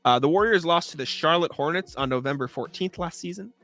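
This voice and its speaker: A man's voice: fairly high pitch, quick pace, pushed and bright, faint music behind. A young man co-hosting a live sports talk show, ranting in a sarcastic, exasperated way and swearing. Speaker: podcast co-host.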